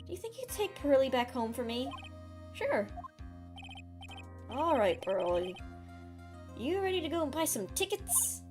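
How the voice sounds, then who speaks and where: A woman puts on a bubbly young woman in a game reading. She sounds lively and cheerful, with her voice lifted above the performer's own. Soft music plays beneath. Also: high voice, measured pace, pauses often, voice pushed up.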